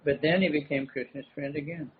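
Man preaching in short halting phrases. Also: on the high side, steady tone. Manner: conversational, halting, fills gaps with "you know". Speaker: preacher giving a talk through an interpreter. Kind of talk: sermon with consecutive translation. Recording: dull lo-fi recording with faint noise.

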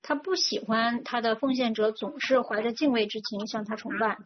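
Woman interpreting a sermon, higher voice. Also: normal speed. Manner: fluent, with frequent "呢" and "呃" fillers. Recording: dull lo-fi recording with faint noise.

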